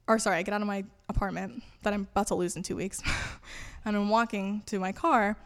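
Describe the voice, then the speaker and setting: A woman's voice: medium pitch, steady tone, brisk. A woman guest in an interview, telling a personal story in a conversational way and acting out her own past thoughts in quoted lines, recorded in a church.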